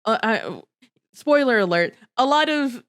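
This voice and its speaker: Chatty woman with a smooth voice. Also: fairly high pitch, measured pace. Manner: chatty, animated, acts out characters' lines, swears casually. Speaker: podcast co-host. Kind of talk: casual book discussion podcast.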